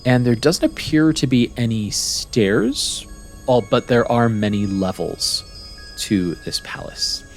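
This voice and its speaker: Slow, descriptive game-master narration from a man. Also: mid-range voice, lively intonation, soft background music. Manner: descriptive, unhurried, searching for words.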